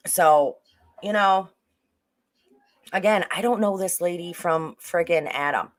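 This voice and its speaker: A livestream host talks through a true-crime case in a loose, rambling way. The speaker often restarts sentences and breaks off to answer the chat. The voice sits at a middle pitch. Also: moderate pace.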